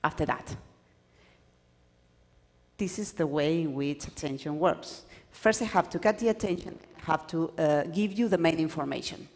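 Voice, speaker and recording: A woman whose first language is Spanish gives a lively workshop lecture to doctoral students in a lecture hall, where the recording carries a long reverb. Her voice sits low and her pace is moderate. She's animated, acting out examples, and often stumbles and restarts her sentences.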